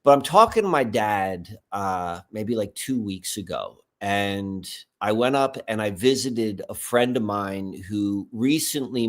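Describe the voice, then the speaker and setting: A man on a group podcast, telling a long personal anecdote in casual chat, rambling with frequent restarts and fillers. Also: on the low side. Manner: rambling anecdote with restarts, mimics others in a raised voice. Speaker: podcast panelist.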